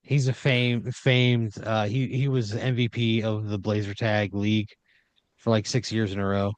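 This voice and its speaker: A man's voice: fairly low pitch, little pitch movement, a little slow, no echo. A man improvising a second-person story as a podcast storyteller, rambling with uhs and restarts.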